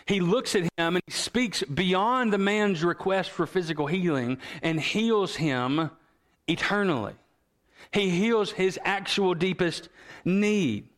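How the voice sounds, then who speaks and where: A man preaching a sermon as pastor, earnestly reading scripture and story quotes aloud, slowing and dropping low for emphasis. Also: expressive, a bit bright. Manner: slows and drops low for emphasis.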